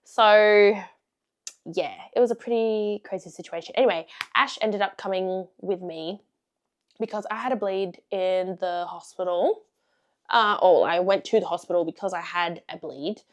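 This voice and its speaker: A young woman recounts events straight to camera in a loose storytime. Her pitch sits right in the middle, and she swears without pause, laughs often and lurches between loud bursts and hushed asides. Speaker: vlogger. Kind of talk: casual storytime monologue.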